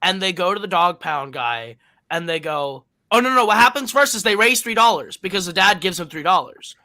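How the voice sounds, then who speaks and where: A man's voice: sits high, lively intonation, fairly quick, bright, forceful tone, no room sound. A man co-hosting a film podcast, retelling a movie's plot in a rambling way, correcting himself often and using lots of fillers. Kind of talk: casual plot recap and review.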